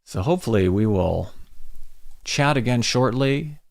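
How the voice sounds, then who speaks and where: A man's voice: mid-range voice, expressive, measured pace, creaky, no room sound. An American man hosting a casual livestream chat, rambling and self-deprecating as he greets viewers. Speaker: podcast host.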